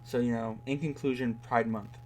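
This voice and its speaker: A man's voice: medium pitch, steady tone, normal speed, a little mellow, a little hiss or hum. Young man in his 20s, podcast co-host, sardonic, chatty, rambling. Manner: sardonic, rambling, heavy use of "like". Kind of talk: casual chat.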